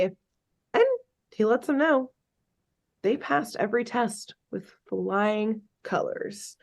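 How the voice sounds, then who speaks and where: A young adult woman co-hosting a podcast, casually recapping a cartoon episode in an animated, chatty way and swearing freely. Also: medium pitch, slow pace. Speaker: podcast co-host.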